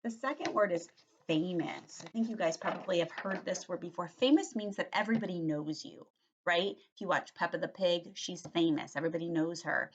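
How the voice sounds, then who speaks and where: A woman teacher giving a read-aloud vocabulary lesson to young children, animated and patient, checking in with little questioning tags. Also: on the low side, brisk, husky, highs cut off.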